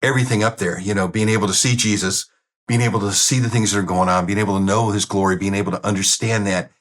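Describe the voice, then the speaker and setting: A man's voice: lowish voice, steady tone, fast. A man speaking as an interview guest, telling a personal story in a blunt, plainspoken and openly emotional way. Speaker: guest sharing a near-death experience.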